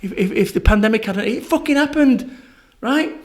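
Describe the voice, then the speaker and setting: A middle-aged man with a Northern English accent, a podcast guest telling stories in a blunt, swearing, animated way. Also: sits high, normal speed. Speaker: podcast guest, motivational speaker. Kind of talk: casual conversational interview.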